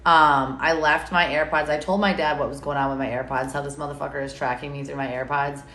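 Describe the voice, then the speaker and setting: A woman's voice: sits low, fairly even intonation, fast, fairly bright tone. A woman chatting casually on a live stream, rambling and sarcastic and swearing freely. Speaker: TikTok creator. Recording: echoey room, faint background noise.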